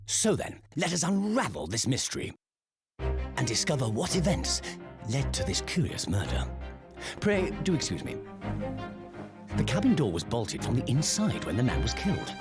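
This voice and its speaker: A grandiose gentleman detective in a video game who swoops wildly up and down in pitch as he lays out his deductions. His pompous, flamboyant delivery plays over loud game music. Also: huge pitch swings, normal speed, long pauses. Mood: theatrical. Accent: British. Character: brilliant, theatrical British gentleman detective. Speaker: game character. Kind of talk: voiced game cutscene acting.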